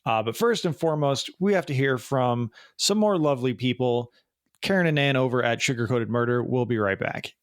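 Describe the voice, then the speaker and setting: A man co-hosting a pop-culture podcast, chatting casually and animatedly, full of likes and ums. His pitch sits in an ordinary middle range. The recording is close and dry, with no room sound. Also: a little fast, clear, resonant tone, no room sound. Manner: animated, chatty, frequent fillers. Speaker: podcast co-host.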